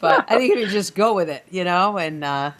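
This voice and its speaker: A woman's voice: lowish voice, expressive, normal speed, a little hiss or hum. Upbeat woman hosting a panel. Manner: upbeat and encouraging, steers the talk to a close. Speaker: podcast host.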